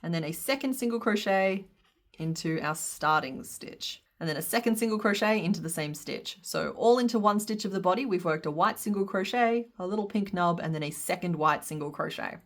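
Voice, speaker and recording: A woman walks through a crochet pattern, counting each stitch aloud. Her voice sits a little low for a woman, and she talks in a patient, playful way with frequent giggles. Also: brisk. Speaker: crochet instructor. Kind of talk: step-by-step craft tutorial.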